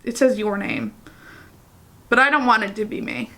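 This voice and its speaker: This woman vlogger speaks at a normal pace in a fairly high, sharp voice with some vocal fry. Reading fan fiction out loud in a relaxed style, she drifts into giggly, talkative side comments.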